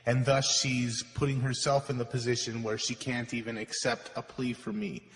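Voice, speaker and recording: A man's voice: mid-range voice, flat delivery, moderate pace, long reverb tail. A man narrating his own court video, aggrieved and lecturing. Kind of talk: explanatory voice-over.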